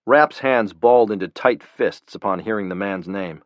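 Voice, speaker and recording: A male audiobook narrator with a lowish voice reads a thriller steadily. The recording is dull and lo-fi, dry and close. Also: moderate pace, few pauses, no room sound.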